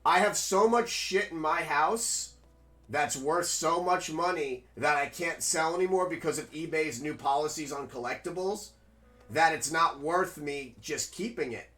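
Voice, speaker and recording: Chatty male streamer, slightly high voice. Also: a little slow, bright, forceful tone. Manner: rambling, chatty, talks to chat. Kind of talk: casual live-stream chat while gaming.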